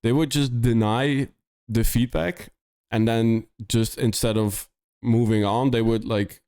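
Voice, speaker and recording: A man's voice: mid-range voice, fairly even intonation, unhurried, mellow, smooth, no echo, studio quality. A young man from the Netherlands with a Dutch accent, chatting casually on a live stream while reviewing demos, rambling with lots of "like" and restarts.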